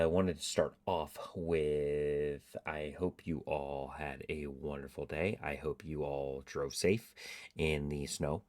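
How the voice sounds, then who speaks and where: Very deep-voiced tired man hosting a podcast. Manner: relaxed, halting, with fillers. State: tired, yawning. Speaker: podcast host. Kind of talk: casual podcast with Bible reading.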